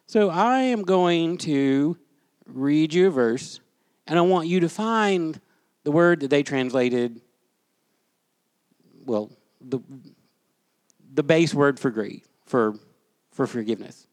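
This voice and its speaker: High-voiced man teaching a Bible class. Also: slow, pauses often, no echo. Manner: conversational, quizzes the class, storytelling.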